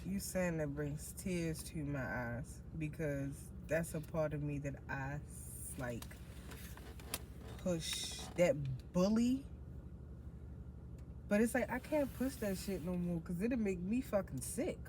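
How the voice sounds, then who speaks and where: A woman hosting a casual podcast chat, blunt and profane, with animated storytelling. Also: on the low side, slow, a little hiss or hum. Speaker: podcast host.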